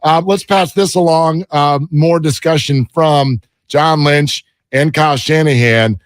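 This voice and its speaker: A man's voice: a little high, unhurried, no room sound. Sports radio co-host, male, conversational, reads news notes, dry booth sound. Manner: chatty, reads out news items. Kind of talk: casual sports radio banter.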